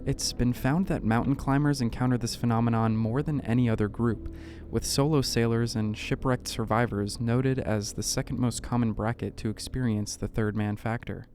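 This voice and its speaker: Male documentary narrator with a mid-range voice, measured and suspenseful, reading over soft music. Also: medium pitch, fairly even intonation. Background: faint background music.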